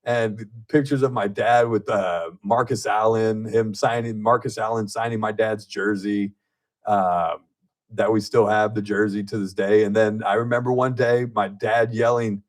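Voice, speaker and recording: A man hosting a local radio talk show, telling stories in a casual, animated way, laughing often and acting out what people said. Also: lowish voice, normal speed. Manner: animated storyteller, laughs often, acts out quotes. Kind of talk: casual radio chat and storytelling. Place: radio studio.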